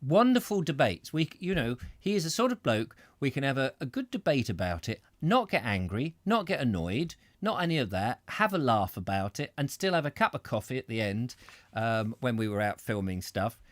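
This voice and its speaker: Middle-aged male host, rambling and chatty, very animated pitch, dry close sound. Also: moderate pace, no echo. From Britain. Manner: rambling, self-interrupting, chatty asides. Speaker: reader and host. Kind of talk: live reading with chat comments.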